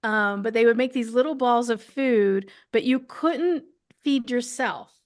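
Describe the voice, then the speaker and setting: A woman's voice: on the high side, measured pace. A woman who hosts the show and works as a hypnotherapy practitioner, chatting loosely with fillers. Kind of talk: casual group talk.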